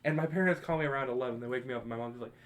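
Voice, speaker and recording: A man's voice: mid-range voice, racing. A young man co-hosting a podcast, casually telling a profane, laugh-filled story to friends. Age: young adult. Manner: laughing, profane, animated retelling. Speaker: podcast co-host.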